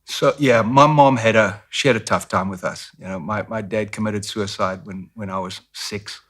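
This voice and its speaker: A man's voice: lowish voice, steady tone, moderate pace, a bit bright. A middle-aged man with a South African accent, telling stories as a guest in a casual interview. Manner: storytelling, acts out quoted voices.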